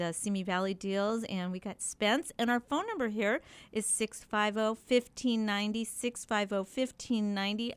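A middle-aged woman hosts a morning radio talk show in a chatty, rambling way, full of fillers and restarts. Her voice is smooth and resonant. The sound is close and dry, with no room around it. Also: mid-range voice, no echo.

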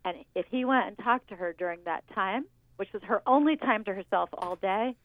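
A woman calling in as a guest to a radio show, telling stories in a measured way. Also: mid-range voice, no room sound. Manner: measured storytelling. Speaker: book editor guest on the phone. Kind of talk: phone-in interview. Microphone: telephone. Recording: tinny phone line.

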